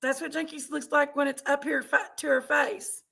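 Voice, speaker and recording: A woman hosting a casual livestream chat from home on a webcam mic, loud, laughing and bawdy. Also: high voice, little pitch movement, normal speed, creaky. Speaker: livestream host. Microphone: computer webcam mic.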